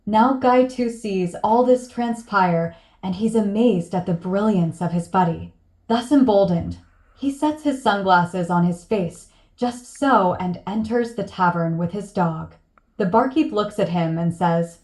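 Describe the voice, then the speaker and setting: A woman narrating a bar joke in a steady storytelling manner. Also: medium pitch, a little slow. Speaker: joke teller.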